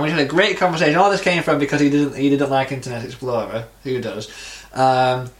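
A man's voice: mid-range voice, fast, few pauses. Man telling anecdotes, roomy sound. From England. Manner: anecdotal, acts out voices in stories. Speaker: podcast co-host. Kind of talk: casual chat, storytelling.

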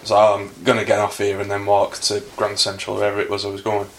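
A man's voice: on the low side, completely flat delivery, fast talker. A man telling a story bluntly in casual chat.

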